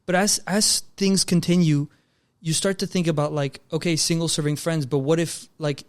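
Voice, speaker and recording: Telling a long story as a guest in casual conversation, this young filmmaker from Canada speaks at normal speed in a slightly high voice with fairly even intonation. He's easygoing and keeps saying bro and dude.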